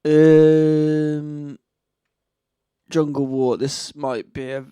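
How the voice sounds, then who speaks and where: A man with a Gloucestershire accent talks through music tracks in a loose, rambling way, teasing himself as he goes. His voice is smooth and resonant, and it sits close and dry with no room sound. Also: on the high side, level tone, drawn-out words, mellow, dry recording. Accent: Gloucestershire English. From Gloucestershire, England. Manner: rambling, self-mocking asides. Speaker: host reviewing music tracks. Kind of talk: casual music review chat.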